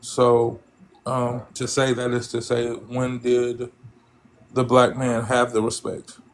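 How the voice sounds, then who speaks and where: A man speaking as a guest on a live panel debate, in a measured, hesitant way with many pauses. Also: mid-range voice, completely flat delivery.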